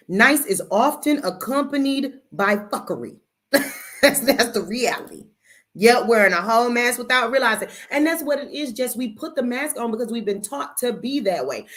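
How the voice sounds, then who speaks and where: A woman's voice: on the high side, expressive, a little fast, a bit bright. A middle-aged woman who reads tarot, chatting on a live stream in a sassy, blunt way, swearing freely and calling listeners baby. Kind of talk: casual live-stream talk.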